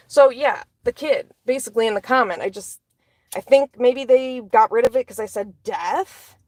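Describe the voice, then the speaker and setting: A woman's voice: fairly high pitch, animated, moderate pace, a little mellow, no echo. A woman delivering an angry, profane rant as a solo commentator, blunt and heated. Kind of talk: angry ranting monologue.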